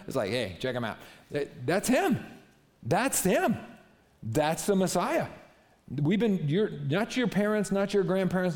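A man's voice: on the high side, a little mellow. A pastor giving a chatty, story-driven sermon who keeps checking in with the listeners and acts out the lines of the people in his story. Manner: conversational storytelling, keeps asking "right?", acts out quotes. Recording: long hall reverb.

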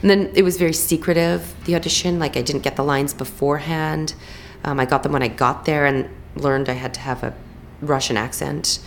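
A young actress and voice actor in a casual interview, telling stories with animated restarts and playful imitations. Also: female voice, low-pitched, slight background noise. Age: young adult. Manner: animated storyteller, quick restarts, lively imitations.

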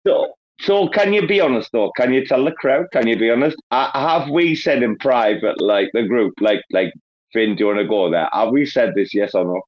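An excitable man hosts a loose online voice chat, swearing freely and hyping up his guests. His voice sits at an average pitch. The audio comes through slightly dull and lo-fi. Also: moderate pace. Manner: excitable, swears a lot, hypes people up. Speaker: host. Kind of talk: casual chat. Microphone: online audio call.

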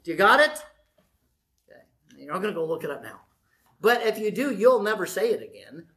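Preacher guy giving a sermon, chatty and animated, keeps asking the crowd stuff. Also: sits high, brisk. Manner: animated, conversational, asks the audience questions. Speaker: pastor.

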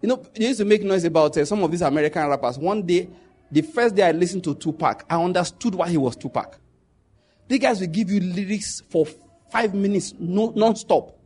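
Husky Nigerian man telling stories. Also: high-pitched, a little fast. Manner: animated, laughs while telling stories, jumps into pidgin quotes. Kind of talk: casual storytelling monologue.

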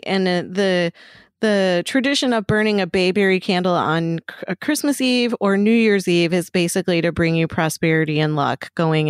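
A middle-aged woman chatting casually as a co-host, her stories animated and peppered with swearing. Her voice sits on the low side. The sound is dry and close. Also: dry recording. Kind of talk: casual chat.

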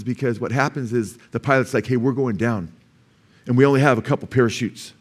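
A man with an American accent preaching a sermon in a church, telling stories in a conversational way and acting out the people in them. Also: mid-range voice. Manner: conversational storytelling, acts out quoted voices. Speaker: pastor. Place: church sanctuary.

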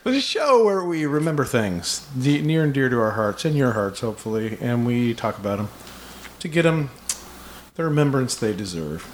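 A woman hosting a podcast in casual chat, teasing dryly and trailing off quietly. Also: a bass voice, expressive, moderate pace, slight background noise. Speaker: podcast host.

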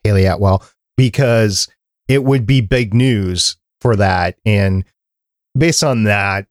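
A man's voice: on the low side, slow, no room sound. Man host, easygoing hedging chat, dry close mic. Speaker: podcast host. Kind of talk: casual chat.

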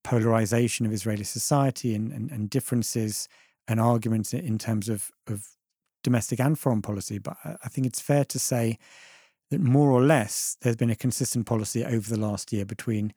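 A man's voice: mid-range voice, fairly quick, mellow, slightly rough, no echo, studio quality. A man arguing his side as a debate panelist, thoughtful and hedging, often restarting his phrases. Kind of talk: debate argument.

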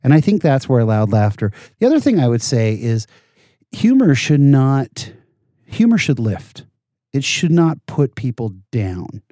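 A man chatting as a guest in a dry, close-sounding room, his voice mellow and relaxed. He tells animated stories with a self-deprecating streak. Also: mid-range voice, a little slow, no echo. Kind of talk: casual conversation.

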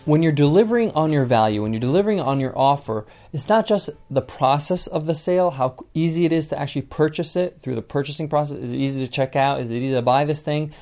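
A man's voice: on the high side, fast, hardly any pauses, darkish tone, soft background music. A man hosting a podcast business lesson, talking conversationally and encouragingly, with frequent fillers. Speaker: podcast host.

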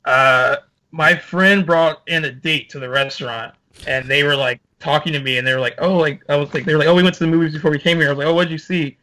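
Male co-host, quick and bright, animated anecdote teller. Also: on the high side, low-quality recording. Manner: animated storyteller, acts out quotes. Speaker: podcast co-host. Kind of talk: casual storytelling chat.

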